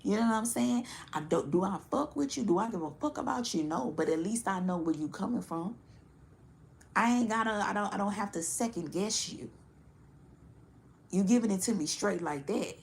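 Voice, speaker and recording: A woman giving a casual tarot reading to her audience, blunt and profane, animated and laughing often. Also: medium pitch, moderate pace, gravelly. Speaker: tarot reader.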